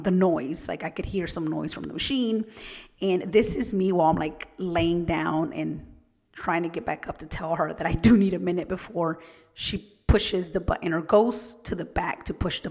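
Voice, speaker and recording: A woman's voice: lowish voice, creaky, husky, long reverb tail. A woman telling a personal faith story to her listeners in a casual, earnest way, often turning to them directly. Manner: earnest, personal, addresses listeners as "you guys".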